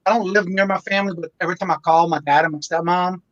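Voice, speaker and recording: A man's voice: high voice, steady tone, quick pace, fairly bright tone, dry recording, muffled recording. A man from Louisiana chatting casually on a livestream in an easygoing, rambling way. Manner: easygoing, rambling, repeats words as he talks. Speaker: reseller and show host.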